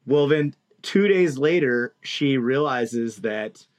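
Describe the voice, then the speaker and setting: A man telling a long story in casual chat, animated and profane, acting out the people he quotes. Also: medium pitch, slow. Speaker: podcast co-host telling a story.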